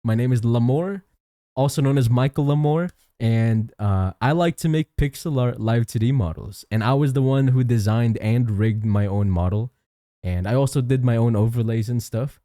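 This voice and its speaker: A man's voice: medium pitch, normal speed, warm tone, dry recording, clean studio sound. A young man chatting casually on a live stream as a VTuber, reading chat aloud and answering viewers with frequent restarts.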